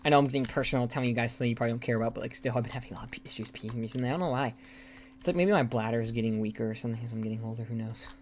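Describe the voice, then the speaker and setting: Streaming a game indoors near a hallway, this young man from the United States talks rapid-fire in a mid-range voice, rambling casually and cursing freely.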